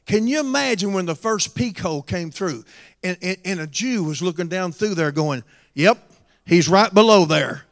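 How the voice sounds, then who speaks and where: Man preaching, shouting in a hall. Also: sits high, lively intonation, normal speed. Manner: preaching with swings from shouting to hushed storytelling. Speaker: pastor. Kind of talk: sermon. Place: church sanctuary. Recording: long reverb of a church hall.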